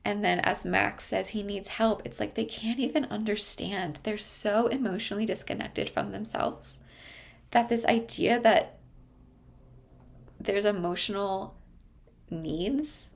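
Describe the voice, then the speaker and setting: A woman therapist explaining a TV drama in an earnest, emphatic way, slowing down to stress key words. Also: mid-range voice, vocal fry. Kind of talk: explanatory commentary on a TV show.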